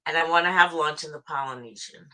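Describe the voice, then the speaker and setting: A woman's voice: low-pitched, fast talker, pushed and bright. A woman from New York with a New York accent, chatting casually as a guest on a live stream about her everyday outings.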